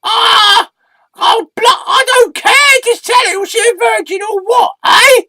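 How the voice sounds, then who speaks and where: A man voicing a brash, crude red sock puppet that shouts in a shrill voice. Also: a little slow, no room sound, heavily acted. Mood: pushy, shouting.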